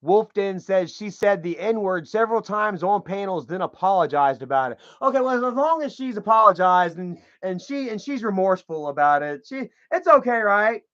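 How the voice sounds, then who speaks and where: A man's voice: high-pitched, lively intonation, normal speed, few pauses, a bit bright. A man giving profane, heated commentary to his viewers, ranting as he browses online pages. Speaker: commentary vlogger. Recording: dull lo-fi sound.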